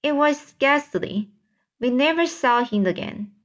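A woman's voice: high-pitched, animated, a little slow, voice pushed up. A woman voicing a gloomy female spider who feels wronged, in a mournful, sighing storybook reading.

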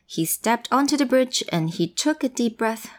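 A woman reading to a child sounds animated, her voice a little high and her pace moderate. As a bilingual storyteller, she mixes languages, plays around, and keeps asking questions.

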